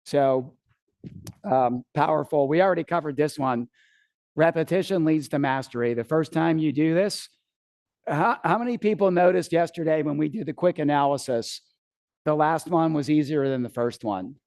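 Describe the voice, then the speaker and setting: A man's voice: fairly high pitch, normal speed, vocal fry, darkish tone, no echo. Swearing storytelling man on a seminar stage. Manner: storytelling, acts out his own panic; swears casually. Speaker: seminar speaker. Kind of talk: live seminar talk.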